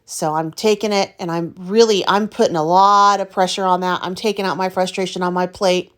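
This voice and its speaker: A woman's voice: fairly low pitch, steady tone, a little fast, a bit bright, clean tone. Woman, casual craft vlogger, talks straight to viewers, openly frustrated. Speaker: craft video host. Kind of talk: casual chat narrating her art process.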